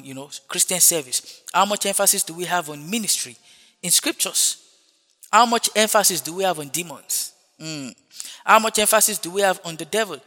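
A man preaching a sermon, stretching words slowly for emphasis and dropping in hallelujah and praise God between points. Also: high-pitched, sharp tone. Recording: long hall reverb.

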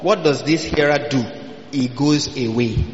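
A man's voice: mid-range voice, measured pace. A man preaching a sermon. He asks the listeners questions and answers them himself, and he keeps breaking in with hallelujahs. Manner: call-and-response questions, frequent hallelujahs. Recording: echoey hall, dull lo-fi sound.

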